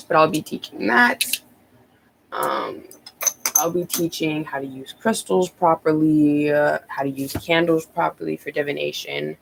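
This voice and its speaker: A woman's voice: low-pitched, normal speed, creaky, a little hiss or hum, low-quality recording. A woman tarot reader talking casually on a live stream, rambling with many ums and restarts, a bit out of breath.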